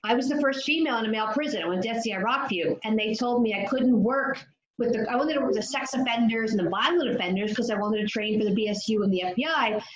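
A woman addiction clinician telling her story in an interview, animated and acting out the dialogue as she goes. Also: fairly high pitch, quick pace, roomy sound, lo-fi sound. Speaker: addiction clinician and author, guest.

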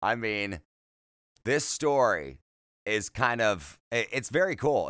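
A man's voice: fairly low pitch, very animated, slow pace, a bit bright, no echo. A man hosting a solo podcast, rambling in a chatty, self-deprecating way with jokey asides, speaking close to the mic. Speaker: podcast host.

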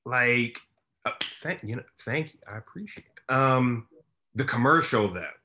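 A man from Maryland hosting a casual interview, animated and rambling, often laughing. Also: medium pitch, measured pace, slight background noise. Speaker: podcast host.

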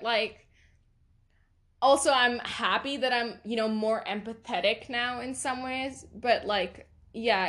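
A woman's voice: sits high, fairly bright tone. A young woman hosting a casual solo podcast, talking emotionally and animatedly, laughing often and using lots of fillers. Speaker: podcast host.

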